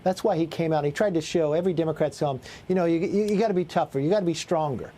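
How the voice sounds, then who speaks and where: A man's voice: a little high, quick pace, mellow. A middle-aged man speaking as a political guest in a cable news interview, assertive and listing his points, sometimes repeating words.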